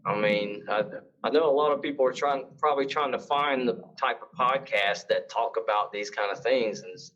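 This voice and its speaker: A man from Mississippi, an author guesting on a casual podcast, who talks in a halting way, searching for words. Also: mid-range voice, fairly bright tone. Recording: dull, muffled audio.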